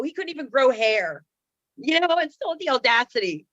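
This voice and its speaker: A woman's voice: sits high, big pitch swings, fairly quick, fairly bright tone, no room sound, lo-fi sound. A woman in her thirties telling comedic stories on a video call, sassy and self-mocking with playful asides. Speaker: comedian and speaker. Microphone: computer mic on a video call.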